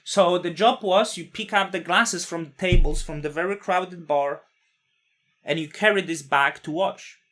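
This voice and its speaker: A man's voice: sits high, measured pace, a bit bright. A man in his thirties, not a native English speaker, telling a personal story in a candid, blunt way, with swearing and frequent restarts.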